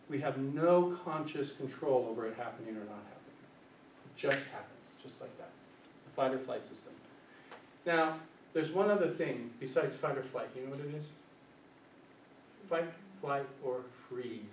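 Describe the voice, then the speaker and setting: A man with a slightly higher voice gives a live lecture to a small group in a meeting room, often turning to them with questions. He is heard from a distance in an echoey room. A faint hiss sits under his voice. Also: darkish tone. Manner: engaging, asks the group questions; acts out quoted voices. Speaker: workshop presenter, social worker.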